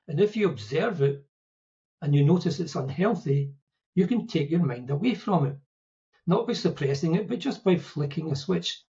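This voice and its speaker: A man's voice: a little high, dark tone, dull audio. A man with a Scottish accent, explaining ideas in a conversational, storytelling way with quips and asides. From Scotland. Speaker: podcast guest explaining Buddhist ideas. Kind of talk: casual explanatory talk.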